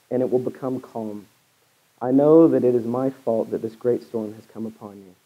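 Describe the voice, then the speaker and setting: A man's voice: on the high side, muffled recording. A man preaching a sermon in a conversational way, asking questions and acting out the voices of the story. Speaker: pastor.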